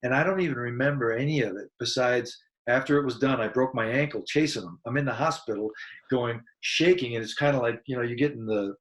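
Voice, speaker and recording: A man, a guest musician in a casual interview, telling a personal story in an earnest, reflective way that turns animated as he relives it. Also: medium pitch, fairly quick, low-quality recording.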